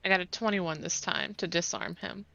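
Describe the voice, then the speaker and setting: Woman player, bright and animated, dry dull-sounding mic. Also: fairly low pitch, moderate pace, creaky, no echo. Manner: animated, laughs often. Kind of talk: casual chat.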